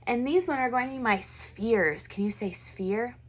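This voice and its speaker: A woman with a slightly high voice speaks at a moderate pace while teaching a first-grade video lesson online. She's patient and encouraging, asking questions and having the children repeat words after her.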